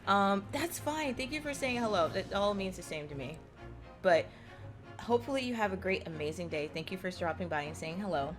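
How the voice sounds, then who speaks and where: Hyped up woman streamer rambling to chat, lots of likes and ums, swears when excited, jazzy game music going behind her. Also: mid-range voice, brisk. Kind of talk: casual chat with a live stream audience.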